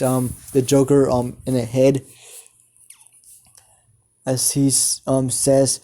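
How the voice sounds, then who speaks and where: A man improvising a fan story, narrating haltingly with many filler sounds. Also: medium pitch, little pitch movement, noisy background.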